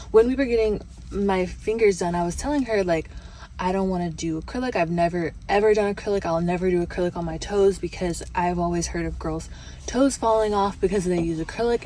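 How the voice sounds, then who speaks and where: A woman's voice: mid-range voice, warm tone, a little hiss or hum, rough recording. A young woman vlogger telling a casual, chatty story full of fillers and quoted back-and-forth.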